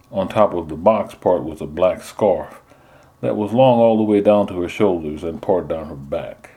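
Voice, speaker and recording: A man reading a story aloud in a measured, vivid storytelling way. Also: deep voice, mellow. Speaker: narrator.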